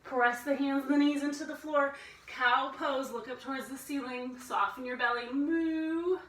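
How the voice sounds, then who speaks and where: Woman, yoga instructor, high voice, playful cueing, roomy echo, distant mic. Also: steady tone, moderate pace, a bit bright. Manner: playful, cueing breaths and animal sounds. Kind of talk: guided family yoga class.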